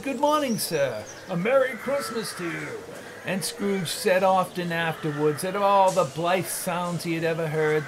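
A man's voice: high-pitched, noisy background. Theatrical male audiobook narrator. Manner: expressive, storytelling, theatrical. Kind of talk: audiobook narration of a classic novel.

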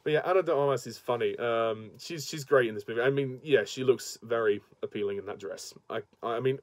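A man's voice: mid-range voice, a little fast, no room sound. A man giving a casual, enthusiastic spoken movie review, chatty and laughing often. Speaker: film reviewer.

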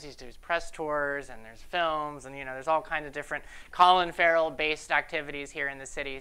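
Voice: medium pitch, noisy background. The host of a late-night comedy show talking to a studio audience, rambling and repeating phrases before leading a chant. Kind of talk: hosting a live comedy talk show.

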